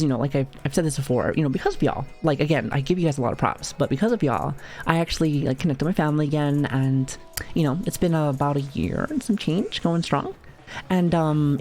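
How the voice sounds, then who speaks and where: With a low, darkish voice, this thirtysomething streamer rambles casually, saying "like" a lot, cursing and laughing. She imitates her relatives' voices as she quotes them.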